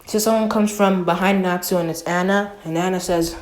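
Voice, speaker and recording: A woman's voice: on the low side, steady tone, fairly quick, hardly any pauses. A woman casually retelling a fan-made anime story, rambling with fillers and self-corrections.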